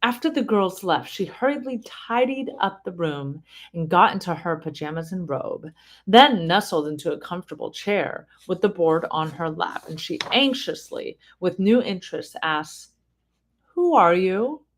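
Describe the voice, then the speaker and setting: A woman's voice: lowish voice, expressive. A woman reading a family memoir aloud in a casual way, stopping often to comment and explain. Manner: reads slowly, breaks off to comment and explain.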